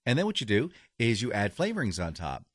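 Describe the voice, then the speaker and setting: A man's voice: on the low side, wildly swooping pitch, quick pace, a bit bright, no room sound, studio quality. A man co-hosting a casual podcast, rambling and cutting himself off as he reads a sponsor spot. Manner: rambling, self-interrupting. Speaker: podcast co-host. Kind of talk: casual podcast chat with a read ad.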